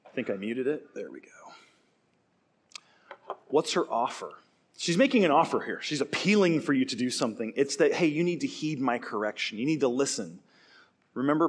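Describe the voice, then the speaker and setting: A man in a young adult age range preaching a sermon with animated delivery, acting out quoted voices now and then. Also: mid-range voice. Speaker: pastor.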